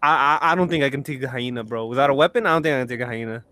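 A man's voice: medium pitch, very fast, pushed and bright. A young man co-hosting a podcast, chatting casually, laughing often and saying "bro" constantly. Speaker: podcast co-host. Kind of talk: casual chat.

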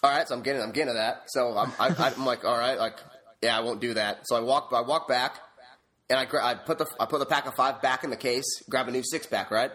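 A man's voice: medium pitch, fast talker, a bit bright. A man in his twenties telling a story on a podcast, profane and heated, laughing often as he rants. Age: 20s. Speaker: podcast co-host. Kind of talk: casual ranting storytelling.

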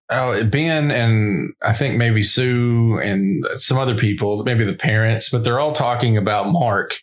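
A man co-hosting a podcast, chatting casually about a horror film, animated and laughing often as he goes off on tangents. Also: lowish voice. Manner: animated, laughs often, jumps into silly voices. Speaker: podcast co-host. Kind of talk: casual movie review chat.

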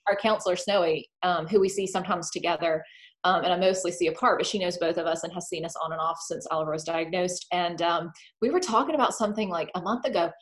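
A woman's voice: on the low side, fast talker. Chatty woman, lots of "like". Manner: chatty, animated, filler-heavy with lots of "like"; acts out her own thoughts in quoted voices. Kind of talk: casual chat.

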